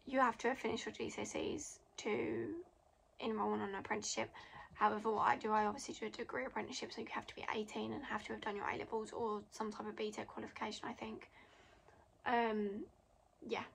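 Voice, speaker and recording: A woman's voice: fairly high pitch, level tone, quick pace, creaky, a bit bright, slight background noise. A young woman, a degree apprentice, chatting through a casual Q&A vlog and filling her talk with "like" and "literally"; she says she is losing her voice. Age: young adult. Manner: chatty, heavy filler words like "like" and "literally".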